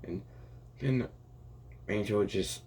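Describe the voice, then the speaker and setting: A man's voice: lowish voice, slow, a little mellow, slight background noise. A young man improvising a rambling fan story aloud, full of restarts and "and he's like" asides. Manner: rambling, many restarts and "and it's like".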